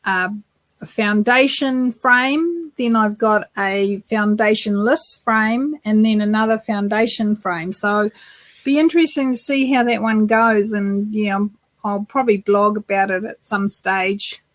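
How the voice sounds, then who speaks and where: A woman's voice: mid-range voice, measured pace, no echo. A woman from New Zealand co-hosting a beekeeping podcast, chatting casually with lots of fillers and restarts. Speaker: podcast co-host. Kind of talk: casual live Q&A chat.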